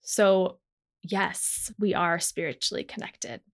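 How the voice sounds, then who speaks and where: A woman's voice: on the low side, slow. A young adult woman hosting a podcast, talking in an earnest, affirming way with emphatic declarations. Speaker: podcast host. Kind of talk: motivational podcast monologue.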